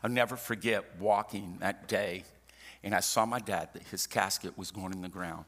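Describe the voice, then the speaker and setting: A man's voice: low-pitched, normal speed, a bit bright. An older man preaching a sermon as pastor, building in intensity and calling for amens. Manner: preaching with rising intensity, calls for amen. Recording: echoey church hall with live band.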